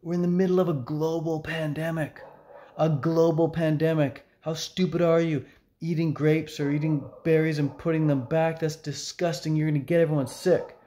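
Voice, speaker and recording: A man voicing an angry adult man who scolds a shopper in a shouting, scolding way. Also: fairly high pitch, fairly even intonation, quick pace, few pauses, pitched above the performer's own voice, lightly acted. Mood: furious.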